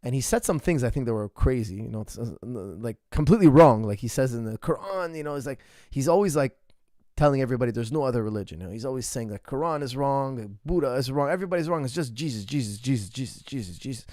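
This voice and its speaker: A man's voice: mid-range voice, expressive, fast, warm tone, no echo, studio quality. A man, a martial arts coach, answers viewer questions in a casual chat. He talks in a rambling, emphatic way and often restarts his sentences. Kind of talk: casual ask-me-anything chat.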